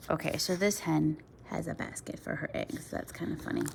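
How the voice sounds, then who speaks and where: A woman reading a rhyming picture book aloud to children, pausing for friendly asides to her listeners. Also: sits low, fairly even intonation, gravelly, husky. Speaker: children's story reader.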